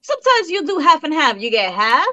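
A woman's voice: sits high, sing-song, a little fast, pushed and bright, recorded from a distance, muffled recording. A woman guest co-host in casual podcast chat, asking skeptical questions.

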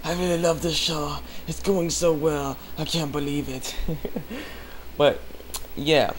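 A man's voice: fairly high pitch, steady tone, takes it slowly, slight background noise. Eager young man recapping an anime episode. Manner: rambling, eager, laughs often. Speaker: anime reviewer.

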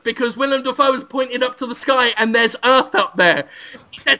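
A man's voice: very high voice, normal speed, pushed and bright. A man hosting a podcast, rambling gleefully through a crude improvised comic story. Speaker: podcast host.

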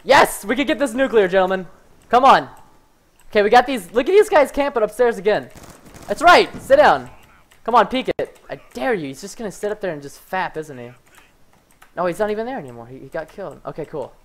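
A man streams his gameplay and talks over it live. His voice is lively and swings between low asides and sudden yelps. He gets hyped and shouts, but keeps his cursing clean with "fudge.". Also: brisk. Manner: excitable, yells when hyped, says "fudge" instead of swearing. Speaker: gaming streamer.

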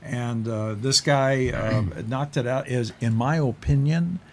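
A man's voice: medium pitch, takes it slowly, a little hiss or hum. A man hosting a television talk show, interviewing a guest and reacting eagerly with praise.

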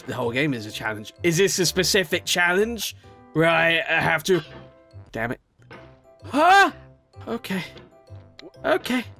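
A man doing gameplay commentary, swearing and scolding himself and his character, swinging between yelling and low muttering. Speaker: gaming YouTuber.

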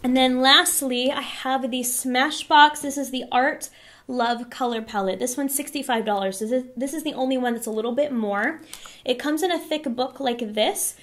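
A woman's voice: sits high, moderate pace, fairly bright tone. A woman in a casual beauty vlog, chatty and enthusiastic with frank opinions, a little winded from a cold. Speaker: beauty vlogger reviewing palettes. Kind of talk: casual product review.

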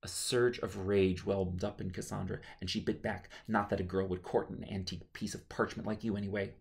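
A man reading his own novel aloud as a steady, measured audiobook narration. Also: sits low, creaky.

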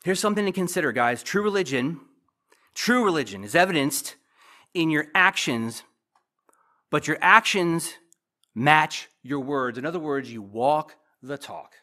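A man's voice: on the high side, lively intonation, unhurried, sharp tone. A man preaching as a pastor, teaching verse by verse and asking the congregation direct questions.

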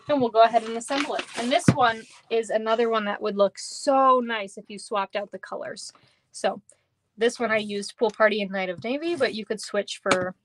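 A woman's voice: fairly high pitch, a bit bright, slight background noise. A young woman from Minnesota, chatty and upbeat, demonstrating card-making on a live stream and reading viewer comments aloud, sounding a bit tired. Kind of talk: live stream craft demo. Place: air-conditioned basement.

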